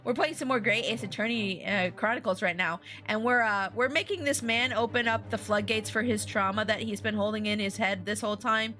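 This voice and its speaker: Bright, chatty woman streamer. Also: medium pitch, brisk, hardly any pauses, soft background music. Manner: playful, chatty, giggly, reacts aloud, greets chat. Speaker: VTuber streamer. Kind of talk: casual live-stream game commentary.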